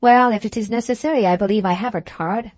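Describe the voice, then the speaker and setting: An uncouth, pushy stranger, read by a woman narrator who speaks brashly and a touch louder than the narration. The sound is close and dry. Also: medium pitch, quick pace, no room sound, close to an everyday voice. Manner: brash and self-assured. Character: pushy, uncouth middle-aged male stranger.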